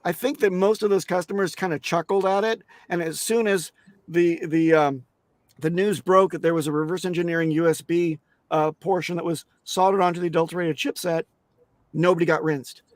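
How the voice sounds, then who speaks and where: A man's voice: a little high, steady tone, a little fast, no room sound, studio quality. A man speaking as a guest on a crypto interview show, emphatic and blunt, swearing casually and restarting his sentences often.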